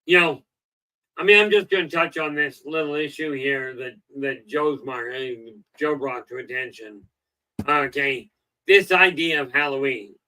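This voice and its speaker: A man's voice: fairly high pitch, unhurried, pushed and bright, poor audio. A middle-aged man hosting a self-help livestream, rambling in a folksy way with lots of "okay" and "you know," and telling jokes. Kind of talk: casual livestream talk.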